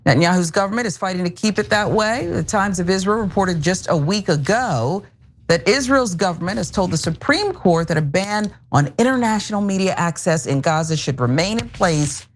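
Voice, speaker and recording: A woman co-hosting a political show, reading out news reports in a measured, informational way. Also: lowish voice, lively intonation. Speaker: co-host.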